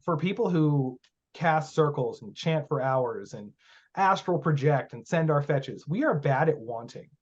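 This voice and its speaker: A man's voice: on the high side, lively intonation, a little slow, a little mellow, slightly rough. A man talking as a guest teacher of magic in a casual podcast interview, blunt and profane, telling stories with emphasis. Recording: muffled lo-fi audio.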